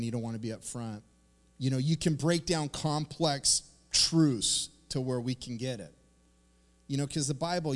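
Middle-aged male pastor, casual animated sermon delivery, mid-pitched voice, long hall reverb. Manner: animated, conversational, acts out quotes. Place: church sanctuary.

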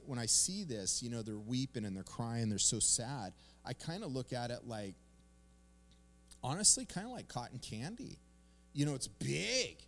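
Animated casual pastor, man. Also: mid-range voice. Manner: casual, animated storytelling with slang. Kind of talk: sermon.

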